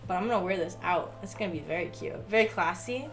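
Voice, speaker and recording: A woman's voice: lowish voice, fast talker, vocal fry, music in the background. A young woman livestreamer chatting casually as she unboxes packages, gushing and swearing freely. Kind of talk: casual chat while unboxing.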